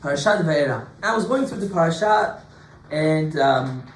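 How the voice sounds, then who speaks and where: Rabbi guy teaching a class, jokey, lots of questions, voice on the high side, echoey room far from the mic. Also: normal speed. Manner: lively, joking, full of rhetorical questions. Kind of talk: informal Torah class. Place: classroom with students. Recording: echoey room, distant mic, faint hiss.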